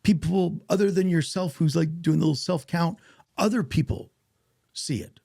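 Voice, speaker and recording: A man, an actor guest on a podcast, telling stories in a casual, animated way and acting out what others said. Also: fairly high pitch, normal speed, vocal fry, no echo, studio quality. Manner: animated, acts out quoted voices. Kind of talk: casual storytelling interview.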